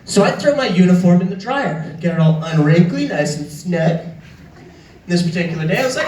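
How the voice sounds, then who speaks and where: Young stand-up, lively and profane, echoey club with a loud crowd. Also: male voice, high voice, normal speed, long pauses, far from the mic, slight background noise. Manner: animated, profane storytelling. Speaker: stand-up comedian. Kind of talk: stand-up comedy. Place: comedy club stage.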